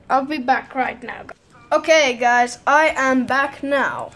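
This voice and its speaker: High-voiced woman in a put-on Irish accent. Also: a little slow, fairly bright tone, a little hiss or hum. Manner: rambling and hesitant, with many fillers. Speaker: gamer. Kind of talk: casual gameplay commentary.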